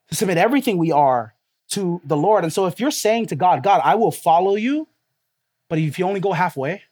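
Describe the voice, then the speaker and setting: A man with a notably high voice delivers a sermon as a pastor. He preaches emphatically and keeps putting rhetorical questions to the congregation. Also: a little mellow.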